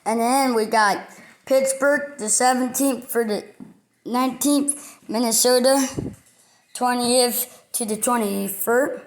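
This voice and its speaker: A woman hosting a casual sports video, reading news and a schedule off a list item by item in a halting way. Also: a little high, steady tone, a little hiss or hum.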